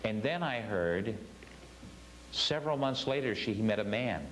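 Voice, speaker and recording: A man's voice: lowish voice, animated, measured pace, fairly bright tone, a little hiss or hum, rough recording. A man teaching a spiritual class, telling a story earnestly and stressing his points with repeated phrases.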